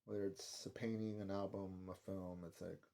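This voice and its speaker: A man's voice: sits low, flat delivery, moderate pace, vocal fry, dark tone. A man giving a casual, rambling film review, swearing often and filling his talk with "like". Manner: rambling, profane, heavy use of "like".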